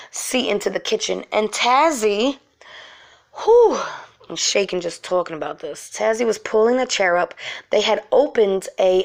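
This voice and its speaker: Gravelly-voiced woman telling a scary story. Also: medium pitch. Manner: emotional, animated retelling with fillers. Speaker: host. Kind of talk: personal storytelling.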